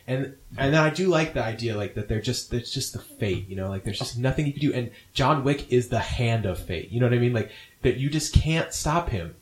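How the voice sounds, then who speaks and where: A man's voice: mid-range voice, lively intonation, brisk. A man chatting casually about a film on a podcast. He rambles, circles back and restarts his sentences often. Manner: rambling, many restarts and fillers. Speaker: podcast co-host. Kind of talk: casual movie review chat.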